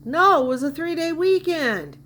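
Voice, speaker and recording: Woman commentator, mocking, incredulous, high-ish voice. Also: lively intonation, normal speed, a bit bright, slight background noise. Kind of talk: sarcastic reaction commentary.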